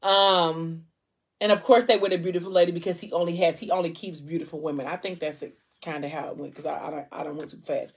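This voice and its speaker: Husky-voiced woman recapping a story. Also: lowish voice, fairly even intonation, fast talker. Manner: chatty, acts out quoted lines with shifting tone.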